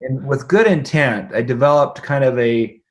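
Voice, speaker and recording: A man's voice: mid-range voice, moderate pace. A middle-aged man, a podcast guest, telling a personal story in conversation; he acts out the dialogue and laughs often.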